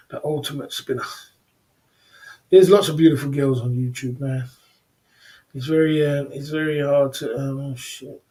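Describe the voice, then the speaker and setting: A man hosts a casual livestream hangout from a home setup, his voice sitting a little high for a man. He talks in loose slang, laughs between phrases and loops back over the same lines. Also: mellow. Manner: laid-back, chuckling, slangy, repeats himself. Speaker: livestream host.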